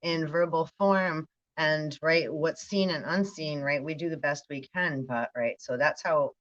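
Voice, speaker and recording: Woman, rambling spiritual vlog talk, low voice, unhurried, muffled lo-fi sound. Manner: stream-of-consciousness, repeats "right", laughs often. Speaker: spiritual vlogger.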